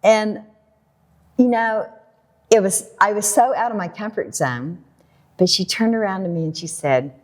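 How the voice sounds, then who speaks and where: An American woman telling a personal story in a casual talk, animated and laughing often while she acts out what people said. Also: medium pitch, unhurried, long pauses. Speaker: guest storyteller.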